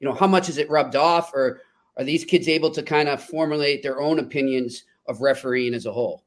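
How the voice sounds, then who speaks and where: A man's voice: mid-range voice, a little fast. A man co-hosting a podcast, asking a guest long conversational questions. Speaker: podcast host. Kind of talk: casual chat.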